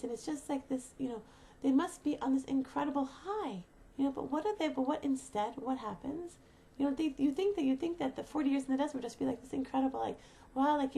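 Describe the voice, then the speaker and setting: A woman's voice: high voice, creaky, darkish tone, slight background noise. A woman giving a heartfelt motivational talk to mothers, earnest and emotional, rambling with many fillers and restarts.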